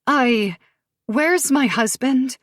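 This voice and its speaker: A woman's voice: on the high side, lively intonation, normal speed, no room sound, studio quality, voice pushed up, close to an everyday voice. A woman narrator voicing a frightened, desperate young wife in an audiobook thriller, urgent and insistent. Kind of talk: audiobook character voice.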